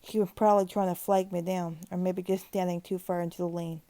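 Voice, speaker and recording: A woman reading a creepypasta aloud in a steady, grim narration with occasional restarts. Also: on the low side, brisk, dry recording. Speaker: horror story narrator.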